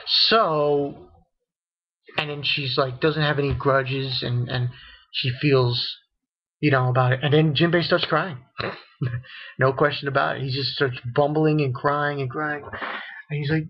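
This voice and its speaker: Male anime reviewer, higher-pitched and breathy, loose and rambling with lots of fillers; muffled homemade audio. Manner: rambling, repeats fillers like "you know"; acts out characters' lines in quick bursts. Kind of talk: casual episode recap. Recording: dull lo-fi home recording.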